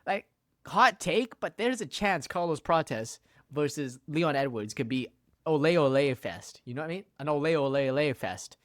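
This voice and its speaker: A man's voice: a little high, animated, normal speed, no room sound, studio quality. A young adult man casually ranking things in a rambling, profane, slang-heavy way. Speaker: YouTuber.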